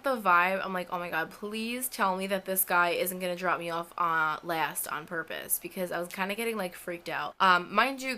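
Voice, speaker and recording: A young woman tells a casual storytime straight to her camera. Her voice is bright and edged, and she lets "like" and swear words pile into every sentence. She acts out what each person said as she goes. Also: lowish voice. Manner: chatty, fills every sentence with "like", swears often; acts out both sides of the conversations. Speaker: vlogger telling a story.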